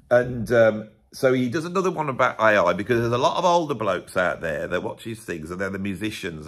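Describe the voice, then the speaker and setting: A man's voice: lowish voice, a bit bright. A middle-aged English man giving a rambling, sarcastic vlog commentary as a music YouTuber.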